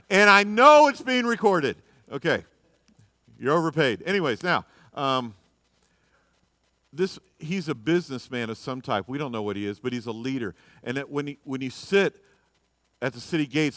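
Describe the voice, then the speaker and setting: A man teaching a casual Bible class in church, chatty and joking, dropping to quiet asides and rising to loud bursts. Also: mid-range voice, dry recording.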